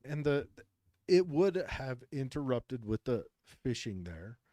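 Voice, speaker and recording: A man's voice: medium pitch, big pitch swings, takes it slowly, warm tone, no echo. A man co-hosting a podcast in casual chat, rambling with frequent restarts as he reads out a news story. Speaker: podcast co-host.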